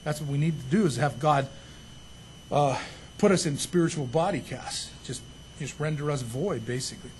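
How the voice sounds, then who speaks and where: High-voiced, chatty male preacher. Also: moderate pace, slight background noise, low-quality recording. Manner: conversational and animated, with asides and humor. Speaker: pastor. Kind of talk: sermon.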